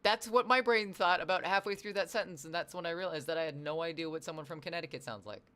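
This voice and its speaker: A streamer from the Northwestern US, chatting casually with viewers, animated and self-deprecating, swearing freely. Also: medium pitch, quick pace.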